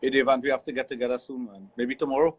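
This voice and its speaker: A man's voice: medium pitch, flat delivery, racing, husky, low-quality recording. A Trinidadian man hosting a radio show as a sexologist, explaining things frankly and laughing easily. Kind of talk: casual radio talk. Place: radio studio.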